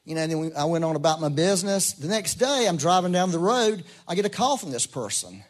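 A man's voice: on the high side, fast. A middle-aged man preaching a sermon in a folksy, storytelling way, acting out quoted voices. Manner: folksy, storytelling, animated quoting. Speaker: pastor.

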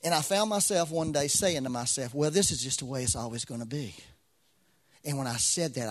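A man preaching a sermon to a congregation, repeating phrases with swelling intensity. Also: medium pitch. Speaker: pastor.

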